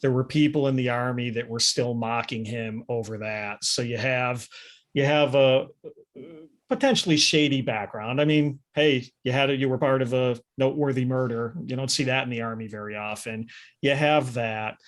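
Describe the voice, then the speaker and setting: A man's voice: medium pitch, steady tone, moderate pace. A man confidently explaining his view in a casual history podcast discussion. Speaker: podcast panelist.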